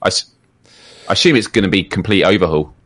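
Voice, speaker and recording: A man's voice: low-pitched, fast talker, a bit bright. A man co-hosting a live gaming podcast, chatting casually, asking questions and often restarting his sentences. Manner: hesitant, restarts a lot, asks clarifying questions. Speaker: podcast co-host. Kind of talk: casual live-stream chat.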